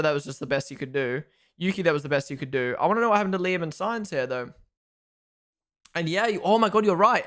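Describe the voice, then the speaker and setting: A man hosting a live race watchalong, reacting to the action and chatting casually with his viewers, reading their comments and thanking followers. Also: on the high side. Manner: excitable, chatty, reads out chat and thanks followers.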